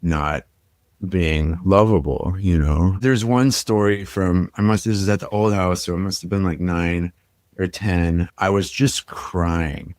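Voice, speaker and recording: A young man with a very low, deep voice recounts his own past on a podcast, speaking reflectively and leaning on "like" and "you know." The sound is close and dry, with no room around it. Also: fairly even intonation, measured pace, a little mellow, dry recording. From Minnesota. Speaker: podcast guest. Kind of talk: personal storytelling in a podcast interview.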